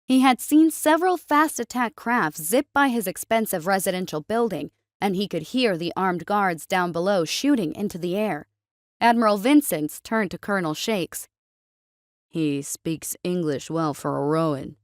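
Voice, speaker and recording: Woman, story narrator, steady even reading, middle pitch, dry close sound. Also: moderate pace, no room sound.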